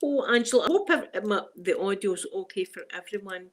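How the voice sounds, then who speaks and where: A woman's voice: mid-range voice, expressive, fairly quick. A middle-aged woman with a Glaswegian accent, chatting casually with livestream viewers and laughing often. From Scotland. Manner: chatty, laughs often, strong Scots phrasing. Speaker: ASMR livestream host.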